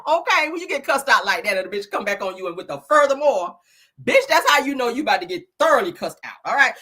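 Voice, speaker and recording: A woman's voice: on the high side, very animated, quick pace, bright, forceful tone, husky. A woman hosting a casual gossip commentary show, profane and laughing often, acting out quotes.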